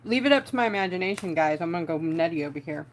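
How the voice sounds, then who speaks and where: A talkative woman, her voice sitting a little low, chats and giggles with her viewers while she crafts at home. A faint hum runs under the recording. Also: animated, racing. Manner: chatty, giggly, talks to viewers. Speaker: craft livestream host. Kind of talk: casual livestream chat while crafting.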